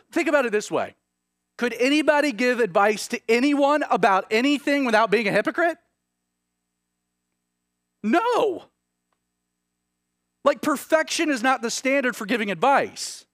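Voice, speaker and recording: A man in his thirties preaching a sermon, moving between loud, emphatic points and quiet, hushed storytelling. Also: extremely high pitch, no echo, clean studio sound. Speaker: pastor.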